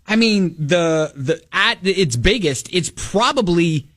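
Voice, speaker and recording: A man's voice: high voice, lively intonation, slow pace, a bit bright, no echo, studio quality. A middle-aged man co-hosting a radio show, telling a self-mocking story and acting out his own lines in a casual chat.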